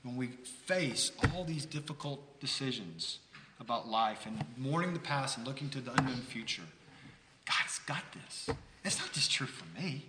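A man from the United States preaching a sermon, telling a story in a conversational, animated way with frequent restarts. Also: medium pitch, moderate pace, heavy background noise. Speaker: pastor. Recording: roomy hall with long reverb.

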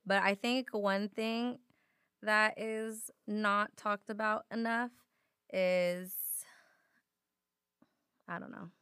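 A young woman co-hosting a podcast in casual chat, her voice a bit hoarse from a sore throat. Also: medium pitch, drawn-out words, pauses often, no echo, studio quality. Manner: relaxed, chatty, lots of fillers. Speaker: podcast co-host.

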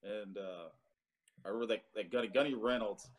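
A man's voice: fairly low pitch, fairly quick. A man in his thirties, a Marine veteran, telling his story in a casual interview with many fillers and some cursing.

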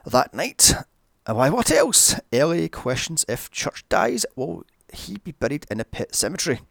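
Gravelly man ranting through a movie recap. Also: a little high, big pitch swings, measured pace, fairly bright tone, dry recording, studio quality. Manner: profane, ranting, mocking asides. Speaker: film recap commentator. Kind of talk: sarcastic movie recap narration.

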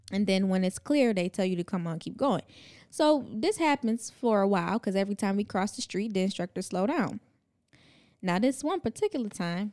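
Woman w aave telling a wild story, acts out all the voices, super animated. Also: medium pitch. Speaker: podcast co-host. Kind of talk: casual chat.

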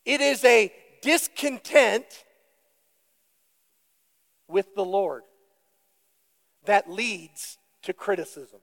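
A male pastor delivers a sermon in a high voice with a gravelly edge, taking it slow. His manner is deliberate and emphatic, and he turns to the congregation with questions. The sound carries the long reverb of a church sanctuary. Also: animated, fairly bright tone.

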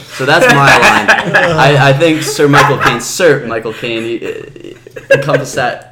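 A man's voice: medium pitch, a little slow, a crowd in the background. Dry-joking podcast guest, man. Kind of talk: casual chat. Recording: roomy echo with faint noise.

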